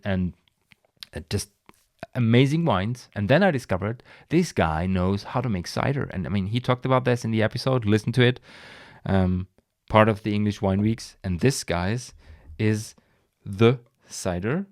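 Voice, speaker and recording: A man's voice: fairly low pitch, moderate pace, a little mellow, no room sound, studio quality. A man hosting a casual solo podcast, talking enthusiastically in a rambling way, with frequent restarts, sighs and laughs. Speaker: podcast host.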